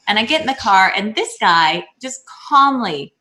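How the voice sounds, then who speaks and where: Bright-voiced chatty woman telling a story. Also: medium pitch, moderate pace. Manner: chatty storyteller, animated retelling with many restarts. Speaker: co-host. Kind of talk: casual video-call chat.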